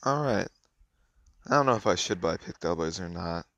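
A man's voice: low voice, lively intonation, moderate pace, a bit bright, no echo, highs cut off. A man giving offhand, casual running commentary while playing a mobile game, muttering his thoughts as he goes.

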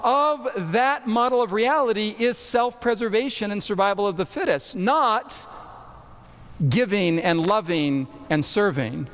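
Man, sermon, high voice, lively delivery, asks the crowd questions, long hall reverb. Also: unhurried. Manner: animated, questions the audience directly. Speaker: camp meeting speaker. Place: large hall with audience.

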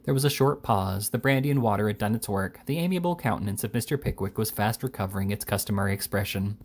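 A man reading a classic novel aloud in a measured, unhurried way. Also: on the low side, expressive, darkish tone. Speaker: reader.

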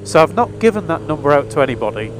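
A man's voice: on the high side, very animated, fast. Wry man over road noise. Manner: wry, chatty and exasperated. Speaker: motorcycle vlogger. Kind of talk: casual storytelling monologue. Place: outdoors on a motorcycle.

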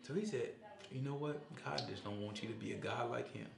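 A man leading a casual Bible study, animated and conversational, acting out the quotes he explains. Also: mid-range voice, fairly quick, creaky. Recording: echoey room.

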